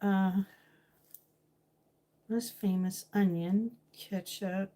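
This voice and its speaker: A woman's voice: mid-range voice, steady tone, very slow, dark tone. A woman cooking at home, chatting casually with her viewers and thinking aloud, humming to herself between remarks. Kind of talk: casual chat while cooking, reading viewer comments.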